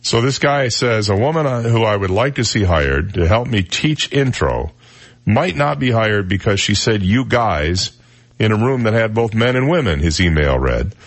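A man from Michigan chats on the radio in a fairly low voice. He rambles easily, teasing and joking as he goes. His talk is loose and full of "uh" and "you know.". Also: expressive, moderate pace. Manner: chatty and joking, with frequent fillers. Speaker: radio talk show host.

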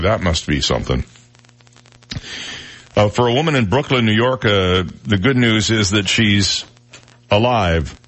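A male radio host with a fairly low voice, talking casually and reading the news. He is chatty and wry, and he slips joking asides into the stories.

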